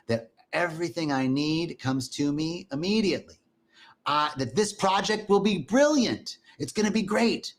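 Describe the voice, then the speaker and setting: A man giving an inspirational spiritual talk, earnestly repeating affirmations aloud and adding folksy, joking asides. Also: mid-range voice. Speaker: spiritual teacher.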